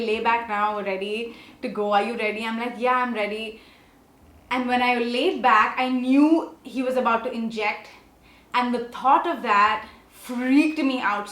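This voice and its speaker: A woman's voice: fairly high pitch, fairly bright tone. Chatty young woman vlogger, echoey room. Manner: chatty, addresses viewers directly. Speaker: beauty vlogger. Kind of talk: casual makeup tutorial and storytelling.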